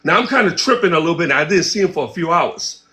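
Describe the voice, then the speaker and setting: High-voiced man telling a story. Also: fast. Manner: animated, acts out quoted dialogue. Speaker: interview guest, music producer. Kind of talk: casual storytelling.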